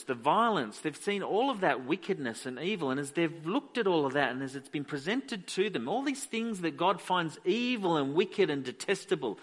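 A male pastor delivers a sermon from a church, his voice sitting a little higher than most men's. He builds points by repeating short phrases with emphasis. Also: fairly bright tone.

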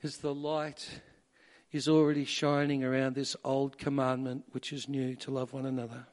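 A man preaching a sermon, measured at first and building to emphatic peaks. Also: medium pitch, flat delivery, a little mellow. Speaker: pastor.

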